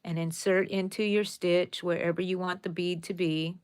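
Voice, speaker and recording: Woman, crochet tutorial host, lower voice, chatty and folksy, dry close mic. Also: flat delivery, moderate pace, smooth, no echo. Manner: chatty, talks to viewers as y'all, counts stitches aloud.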